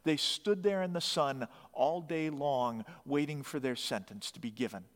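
A man's voice: on the high side, moderate pace. A man preaching, telling a story dramatically with emphatic rising bursts. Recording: long hall reverb.

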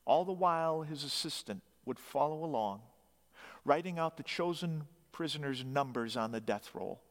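A man's voice: mid-range voice, normal speed. A man preaching, telling a story dramatically with emphatic rising bursts. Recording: long hall reverb.

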